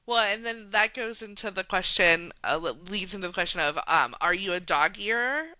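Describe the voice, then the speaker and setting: A woman's voice: medium pitch, normal speed, pushed and bright, no room sound. A woman hosting a podcast in a casual chat, giggling and laughing often. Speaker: podcast host. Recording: dull lo-fi dry sound.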